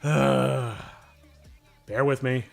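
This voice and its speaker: A man's voice: medium pitch, flat delivery, drawn-out words, creaky, soft background music. A man streaming his animation work live, chatting casually with viewers and thinking aloud.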